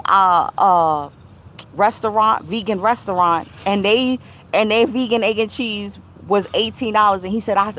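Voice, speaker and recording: A woman's voice: mid-range voice, fairly bright tone, a little hiss or hum. Laid-back woman vlogging from her car. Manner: laid-back, laughing, slangy and profane. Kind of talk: casual chat.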